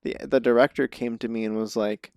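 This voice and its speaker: A man's voice: mid-range voice, steady tone, a little fast, a little mellow, clear, resonant tone, no echo, studio quality. A man, a podcast guest who acts and does comedy, telling self-deprecating stories in casual conversation. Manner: self-deprecating storytelling, laughs at himself.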